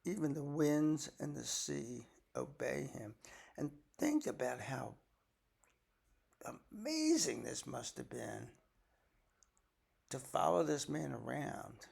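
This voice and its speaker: A man's voice: mid-range voice, lively intonation, slow, vocal fry, long pauses, darkish tone, husky. An older man, a grandfather, reading scripture aloud and breaking off for folksy, chatty asides to explain it. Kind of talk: bible reading with casual commentary.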